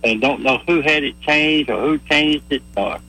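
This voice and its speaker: A man's voice: on the high side, moderate pace, sharp tone. A man calling a radio show, plain-spoken and a little hesitant. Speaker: caller. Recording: phone line with hum.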